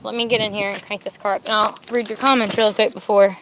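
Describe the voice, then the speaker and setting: A young woman chatting casually from a parked car, rambling, talking in a high baby voice to her dogs between asides. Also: level tone, fast talker, noisy background. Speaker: vlogger with service dogs. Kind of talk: casual chat.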